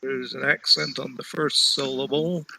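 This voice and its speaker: Slow gravelly man reading in class. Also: medium pitch, flat delivery, bright, forceful tone, slight background noise, poor audio. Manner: slow, hesitant, with fillers. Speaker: student.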